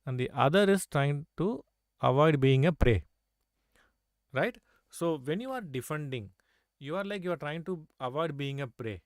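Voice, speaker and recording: A man's voice: a little high, lively intonation, moderate pace, long pauses, no room sound, studio quality. A man teaching a live chess lesson, coaxing his students with rhetorical questions and constant "right?" and "okay?" checks. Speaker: chess coach.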